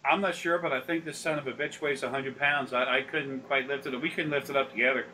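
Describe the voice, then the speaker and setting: Bright, rambling, profane man. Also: mid-range voice, steady tone, quick pace, slight background noise, poor audio. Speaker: spiritual consultant. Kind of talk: rambling casual chat.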